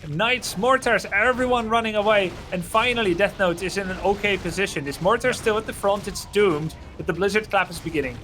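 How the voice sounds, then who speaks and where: A man with a Dutch accent giving animated, analytical live commentary on a strategy game match. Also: sits high, brisk, hardly any pauses, faint music behind. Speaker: esports caster.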